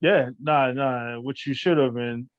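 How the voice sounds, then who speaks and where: A man's voice: medium pitch, fairly even intonation, a little slow. Laid-back male host, dull lo-fi sound. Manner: laid-back, peppers talk with "man" and "nah". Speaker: podcast host. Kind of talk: casual chat.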